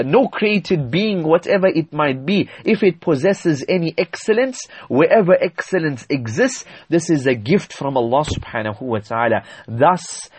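A man's voice: on the high side, a little mellow, breathy edge. A man giving an Islamic sermon, explaining terms in an emphatic, teaching manner with frequent hesitations. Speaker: Islamic preacher.

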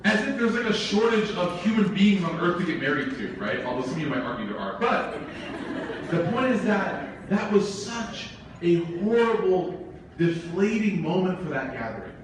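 A man's voice: high voice, big pitch swings, moderate pace. A man giving an informal religious talk, telling stories with humor and many asides. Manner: humorous storytelling with frequent asides. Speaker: Islamic speaker. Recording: very echoey hall, from far off, faint noise.

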